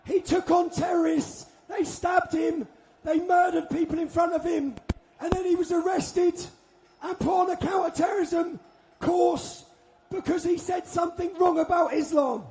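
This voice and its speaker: A man giving an impassioned shouted speech to a crowd at an outdoor protest. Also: extremely high pitch, fairly even intonation, normal speed. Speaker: rally speaker.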